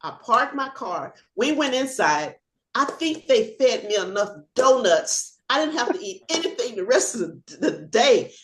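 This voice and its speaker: Older woman, ex-cop, animated storyteller, video call audio, echoey room. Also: fairly high pitch, a little slow, background noise. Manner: animated storyteller, acts out shouting and laughs. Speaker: retired police officer.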